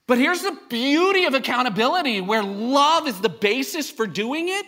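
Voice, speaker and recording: A man preaching a sermon to his congregation, lively and acting out the voices he quotes. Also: very high-pitched, moderate pace, hardly any pauses. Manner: animated, acts out quoted voices. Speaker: pastor. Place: church service before a congregation.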